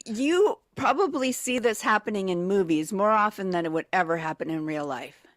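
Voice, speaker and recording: A woman's voice: mid-range voice, animated, normal speed, dry recording. A woman co-hosting a morning radio show, playfully reading out trivia clues and giggling with her partner at a studio microphone.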